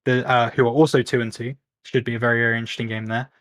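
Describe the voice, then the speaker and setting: A man's voice: medium pitch, level tone, rapid-fire, fairly bright tone, no room sound. A man from the UK with a British accent, hosting and casting a casual esports league stream in an upbeat, chatty, self-mocking way. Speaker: league host and caster.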